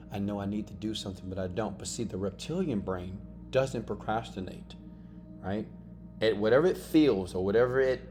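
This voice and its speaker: Motivational teacher, male, lower voice, emphatic self-help delivery with music underneath. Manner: emphatic, peppered with "right?" and "okay?" tags.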